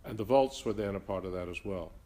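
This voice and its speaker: A man's voice: low-pitched, warm tone. Older man, detribalized Irish-Rhodesian accent. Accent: mixed Northern Irish and Rhodesian. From Northern Ireland. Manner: halting, many restarts and fillers. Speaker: interviewee. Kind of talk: reflective interview answers.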